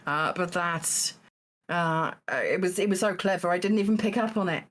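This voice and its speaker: A woman's voice: fairly low pitch, moderate pace. A woman hosting a charity game stream, chatting loosely and giggling, tripping over her words. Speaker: taskmaster host of a charity stream. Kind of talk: casual live-stream banter.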